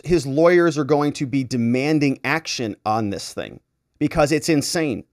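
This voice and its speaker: A man's voice: on the high side, expressive, moderate pace, no room sound, clean studio sound. A man, a lawyer, giving sarcastic solo commentary as he reads a letter aloud and mocks the officials who wrote it in exaggerated voices. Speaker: lawyer and political commentary host.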